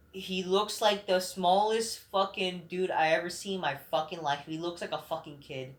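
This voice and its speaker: A man's voice: sits high, a bit bright. Man ranting with heavy swearing. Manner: rambling, heated, full of swearing and restarts. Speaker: vlog host. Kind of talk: profane rant. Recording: roomy echoing room.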